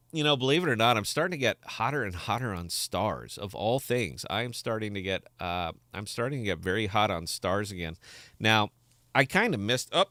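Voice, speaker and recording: Podcast host, man in his 40s, rambles and self-mocks, bright forceful tone, smooth clean voice. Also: fairly low pitch, no echo, studio quality. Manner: rambling, joking and self-mocking. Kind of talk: casual livestream chat.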